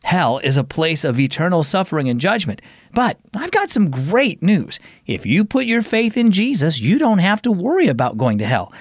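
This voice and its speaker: A man's voice: sits high, very animated, normal speed, dry recording. A man hosting and narrating a children's devotional story program in an upbeat, friendly way, recorded on a close studio mic. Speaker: host and narrator.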